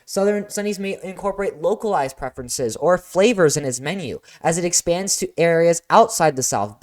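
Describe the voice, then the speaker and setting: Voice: mid-range voice, darkish tone. Casual exam-prep teacher voice. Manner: reads prompts, then adds casual asides. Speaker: AP Human Geography teacher. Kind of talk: walking through exam answers. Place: lives in Florida.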